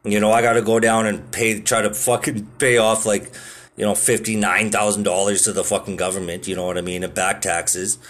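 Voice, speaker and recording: Laid-back swearing man, low voice. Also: level tone, brisk, a bit bright. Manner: laid-back, swears a lot, lots of filler words. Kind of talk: casual monologue.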